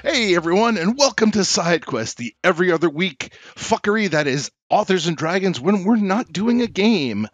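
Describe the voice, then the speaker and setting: A man's voice: sits high, lively intonation, moderate pace, few pauses, no echo. A man hosting a podcast in casual chat, with crude teasing humor. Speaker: podcast host.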